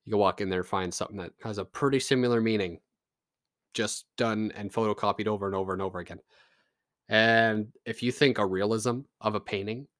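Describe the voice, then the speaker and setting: A man's voice: lowish voice, a bit bright, no echo, clean studio sound. A man from Canada delivering a casual, profane, sarcastic rant to his audience. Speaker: vlogger.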